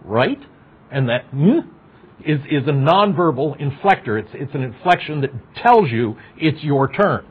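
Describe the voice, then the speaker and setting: The speaker is a middle-aged man lecturing on psychology at a university, his husky, animated voice on the high side and paced moderately. He keeps things casual, asks the class questions, and makes wry asides, all on a dull lo-fi lecture hall recording.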